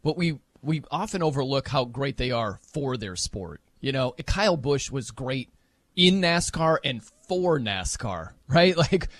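A man hosting a casual sports talk show, chatting with animated energy and breaking into playful mock voices. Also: mid-range voice, measured pace, no echo, studio quality. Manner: animated, mimics wrestling announcers for laughs.

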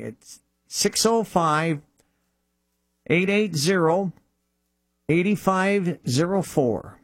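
A man hosting a radio buy-and-sell call-in show, reading listings plainly and repeating phone numbers slowly. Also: a little high, gravelly, no echo, clean studio sound.

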